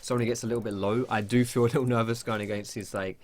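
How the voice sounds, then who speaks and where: A man's voice: mid-range voice, steady tone, very fast, darkish tone, slight background noise. A young man giving casual, rambling gameplay tutorial commentary from his computer at home. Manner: chatty, rambling, swears when surprised.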